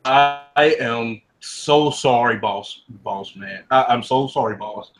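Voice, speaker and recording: Man playing a scared, grovelling lackey, stammering, slow and quiet. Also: mid-range voice, voice pushed down, close to an everyday voice. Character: frightened grovelling male underling.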